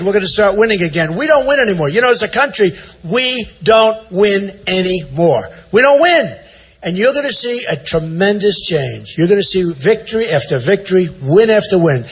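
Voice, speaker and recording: A man in his sixties, a political candidate giving an off-the-cuff campaign rally speech in a large indoor event center. He repeats himself, boasts, and often shouts out to the crowd. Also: high voice, slightly rough. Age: 60s.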